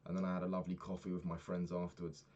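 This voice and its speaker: A young man, a personal trainer, candidly recapping his week and swearing freely, getting animated when retelling annoyances. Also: low voice, racing, dull audio. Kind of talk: casual vlog recap.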